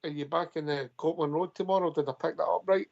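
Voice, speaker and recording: A man's voice: a little high, steady tone, fast, creaky, dull audio, a loud crowd. A Scottish man hosting a radio phone-in, bantering casually with callers. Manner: friendly banter, says aye and mate.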